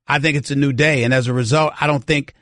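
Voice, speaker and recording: A man hosting a sports talk radio show, his voice hoarse after a throat procedure, emphatic and opinionated. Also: medium pitch, fairly even intonation, fast talker, a bit bright, no echo, clean studio sound. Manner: emphatic, opinionated, repetitive for stress.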